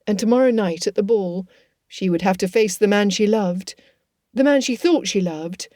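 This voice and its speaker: A woman narrates a novel with measured, expressive pacing. Her voice is mellow and warm, sitting in the middle of her range. The sound is dry and close, with no room around it. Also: medium pitch, dry recording. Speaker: audiobook narrator. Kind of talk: scripted narration.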